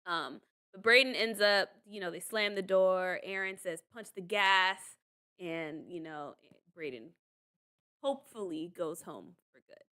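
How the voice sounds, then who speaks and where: A woman's voice: fairly low pitch, a little slow, sharp tone. A woman giving a casual, chatty recap of a reality show, retelling scenes with many fillers. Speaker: commentary channel host.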